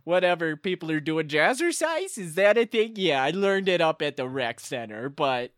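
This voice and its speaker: A man rambling through stories in a comedic improv role-play. His voice sits a little high. The recording is dry and close. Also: moderate pace, no room sound.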